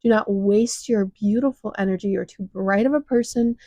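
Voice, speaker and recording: A woman's voice: mid-range voice, moderate pace, dark tone, no room sound, low-quality recording. A teenage girl with a Chicago accent venting through a raw, emotional monologue, short of breath and choked up, swearing, recorded on a clip-on mic on her shirt. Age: teens. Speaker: podcast host. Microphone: clip-on mic attached to shirt.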